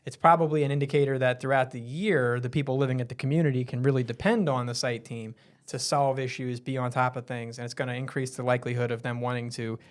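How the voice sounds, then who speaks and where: A man's voice: medium pitch, fairly even intonation, fast talker. A man hosting a casual live show, chatty and teasing, often laughing. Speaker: host.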